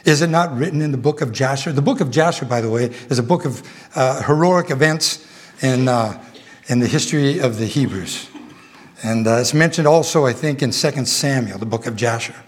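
A middle-aged man preaching a sermon, halting with restarts and fillers, then swelling with fervent emphasis. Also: mid-range voice, slightly rough.

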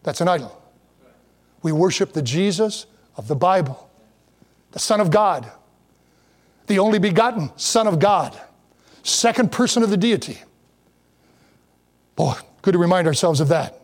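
A man's voice: high-pitched, lively intonation, measured pace, long pauses. A man preaching a sermon in a conversational way, reading scripture aloud and breaking off for joking asides. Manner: reads scripture aloud in King James wording. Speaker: pastor.

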